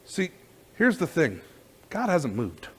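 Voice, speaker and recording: Animated male pastor, slightly higher voice. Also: takes it slowly, husky. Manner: animated storytelling with many restarts and repeated words. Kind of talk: sermon.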